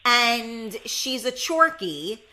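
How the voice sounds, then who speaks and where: A woman's voice: a little high, sing-song, extremely slow, sharp tone, poor audio. Chatty woman radio host. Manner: chatty, lots of fillers and restarts. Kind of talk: casual radio chat. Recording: clear background noise.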